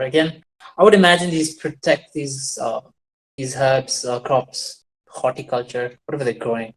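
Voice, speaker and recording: A man's voice: medium pitch, rough recording. Rambling man talking casually. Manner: rambling and digressive, with frequent restarts; wry, self-deprecating asides. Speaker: commentator on farming trends. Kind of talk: casual screen-share monologue.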